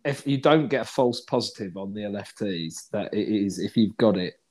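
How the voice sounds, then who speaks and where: A man's voice: on the low side, animated, moderate pace, darkish tone. A man in casual podcast chat, listening and teasing his co-host with dry remarks.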